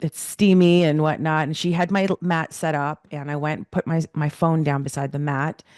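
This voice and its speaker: A middle-aged woman telling a personal story as a podcast guest, animated and acting out the dialogue she remembers. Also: deep voice, normal speed, no room sound, studio quality.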